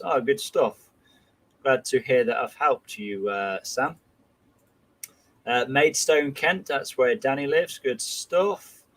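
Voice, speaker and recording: A man's voice: mid-range voice, slow pace, pauses often, fairly bright tone, poor audio. Male livestream host, casual, friendly, filler-heavy chat. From England. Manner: chatty, friendly, many fillers like "you know" and "uh".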